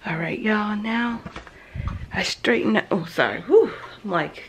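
Gravelly whispering woman, chatty morning vlog. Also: medium pitch, animated, measured pace, poor audio. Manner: whispering softly so the kids sleep; chatty, rambling, self-conscious. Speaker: vlogger, mother of four. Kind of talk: casual morning vlog chat. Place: dark home kitchen.

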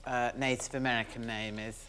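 A woman panelist on a comedy quiz show, teasing with deadpan jokes. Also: a bass voice, fairly quick, background noise. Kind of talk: comic panel banter.

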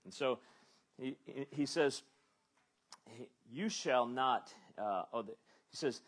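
Husky pastor guy preaching, voice jumps all over, acts out the quotes. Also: medium pitch, animated, slow pace, long pauses. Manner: emphatic preaching, voicing quoted speakers. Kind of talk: expository sermon. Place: church.

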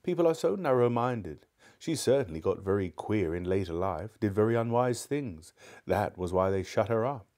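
Sly old uncle-magician, oily charm, chuckling, lively sweep up and down, read by a man. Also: fairly low pitch, moderate pace. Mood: scheming. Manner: smooth, ingratiating, chuckling. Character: scheming elderly male magician uncle, oily and smug.

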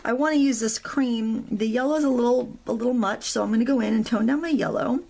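Chatty middle-aged woman with vocal fry. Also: a little high, fast, a little mellow. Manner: chatty, rambling, with self-deprecating asides. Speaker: craft tutorial host. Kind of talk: real-time coloring tutorial.

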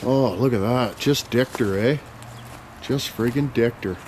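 A young man vlogging outdoors on a handheld camera, rambling and joking loudly with plenty of slang and swearing. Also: medium pitch, a little slow, slight background noise. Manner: loud, profane, joking banter with lots of slang. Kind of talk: casual rambling vlog chat.

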